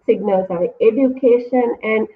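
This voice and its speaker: A woman, a lecturer speaking as a guest, giving a measured, thoughtful answer with frequent pauses and "uh" fillers. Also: a little high. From Sri Lanka. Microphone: online video call. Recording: tinny, distant call audio.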